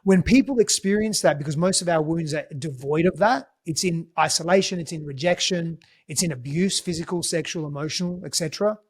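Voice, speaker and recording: A man who works as a relationship coach, speaking as a podcast guest in a calm, measured and earnest way. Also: a little high. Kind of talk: reflective podcast conversation.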